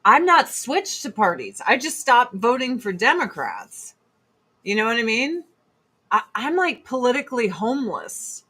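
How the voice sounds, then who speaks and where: A woman ranting in casual talk, blunt and profane, speaking in fast emphatic bursts. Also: on the high side, wildly swooping pitch, pushed and bright, husky. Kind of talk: casual opinion rant.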